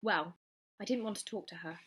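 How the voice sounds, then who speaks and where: A woman voicing a hurt, defiant teenage girl with sharp, wounded retorts, in a storybook reading. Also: medium pitch, brisk, slightly rough.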